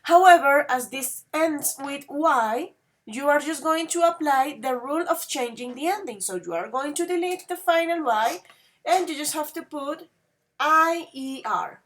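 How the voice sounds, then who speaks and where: A woman teaching an English grammar class, patiently quizzing students and spelling out word endings slowly. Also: high voice, animated, a bit bright.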